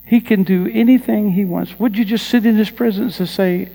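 Man preaching, slightly high voice, earnest storytelling, asks the congregation questions, long echo of a big church. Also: moderate pace, dark tone. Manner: earnest, personal storytelling with rising emphasis. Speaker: pastor. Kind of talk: sermon. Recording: long reverb of a large hall.

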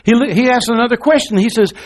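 Male pastor, high voice, emphatic sermon delivery that drops quiet then builds to shouting. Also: quick pace. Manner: swings from quiet, low talk to loud, shouted preaching; emphatic, repeats phrases for effect.

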